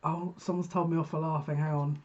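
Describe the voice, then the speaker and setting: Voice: mid-range voice, flat delivery, fairly quick, darkish tone. Chatty rambling psychic reader, lo-fi sound. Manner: chatty, rambling, self-interrupting. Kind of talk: casual intuitive card reading for viewers.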